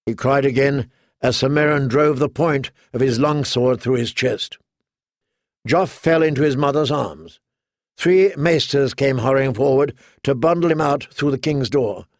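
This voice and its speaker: A man reading a fantasy novel aloud as an audiobook narrator, measured and steady. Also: mid-range voice, dry recording, studio quality. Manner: measured, storytelling. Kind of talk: scripted narration.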